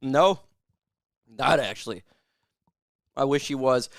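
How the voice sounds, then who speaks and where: A man hosting a casual sports live stream, chatting with viewers and whooping loudly over super chats. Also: mid-range voice, lively intonation, slow pace, pauses often, dry recording, clean studio sound. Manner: loud, hype-driven, shouting whoops at super chats.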